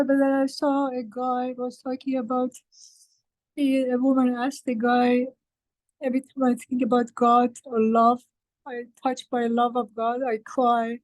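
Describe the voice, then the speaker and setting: Woman, meeting participant, emotional and halting, somewhat high, mellow voice. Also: flat delivery, no echo, rough recording. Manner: halting, emotional, many fillers and restarts. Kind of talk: casual group-meeting talk.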